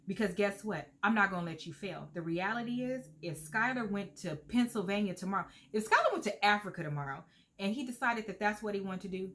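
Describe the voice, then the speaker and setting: A middle-aged woman talks straight to her viewers, earnest and heartfelt. Her voice sits a little low, and she sounds close to tears at times. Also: moderate pace. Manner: heartfelt, earnest, lively pitch swings. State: emotional, near tears at times. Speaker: vlogger. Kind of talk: casual talk to camera.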